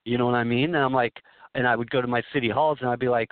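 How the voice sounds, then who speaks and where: A man from Southern California comes through a thin, tinny phone line with a dry, close sound. His voice sits at an ordinary middle pitch. He rambles and stresses his points, often restarting his sentences. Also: steady tone, racing, clear, resonant tone, dry recording. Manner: rambling, emphatic storytelling with many restarts. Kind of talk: talk radio conversation.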